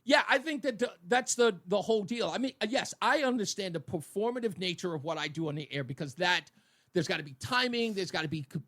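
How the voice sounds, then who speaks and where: A radio talk show host, a man who talks loud and booming as if addressing a crowd. His pitch swings widely and sits a little high for a man. He chats casually in a studio. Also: quick pace. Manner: loud, booming, animated delivery. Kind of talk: casual on-air banter.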